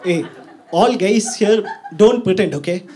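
A man's voice: high-pitched, measured pace, noisy background. A man doing a stand-up comedy set, telling stories animatedly before a live audience. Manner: animated storytelling, sombre in the closing part.

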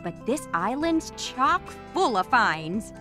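Folksy Minnesotan digger. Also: female voice, a little high, very animated, takes it slowly, bright, forceful tone, heavily acted. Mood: cheery. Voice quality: folksy, upbeat. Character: folksy cheerful female grump archaeologist. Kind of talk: video game character dialogue. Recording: game audio with music behind.

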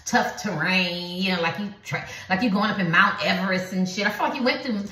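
A woman's voice: medium pitch, a little fast, sharp tone, echoey room, rough recording. A woman giving a casual, profane tarot reading into her phone, laughing often. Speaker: tarot card reader.

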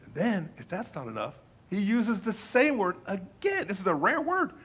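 A pastor giving a conversational sermon, swinging between loud emphasis and quiet asides, with a husky voice. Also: male voice, high-pitched, big pitch swings, moderate pace.

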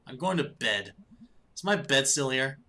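A man voicing a sullen, sarcastic young female cat in a video game, giving flat, snarky comebacks. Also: mid-range voice, measured pace, slight background noise.

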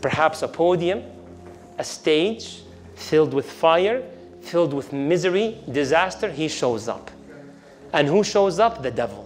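A man preaching a lively sermon to an audience, acting out the devil's whispers and reciting verses in Arabic. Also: sits high, fairly quick, soft background music. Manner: animated, acts out the devil's whispers in asides, mixes in Arabic recitation.

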